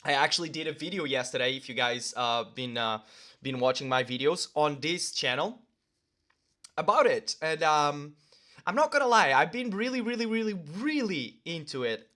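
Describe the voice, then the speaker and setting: Young guy talking to his camera over lunch, slightly high voice, lots of ums, chewing between words. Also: lively intonation, moderate pace, sharp tone. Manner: rambling, filler-heavy, talks with his mouth full. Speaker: vlogger. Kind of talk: casual talk to camera while eating lunch.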